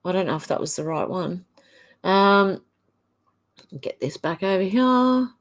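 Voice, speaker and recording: A woman's voice: medium pitch, animated, unhurried. An Australian woman hosting a livestream, reading viewers' comments aloud one after another and adding short offhand remarks. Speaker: livestream host. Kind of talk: casual livestream chat reading.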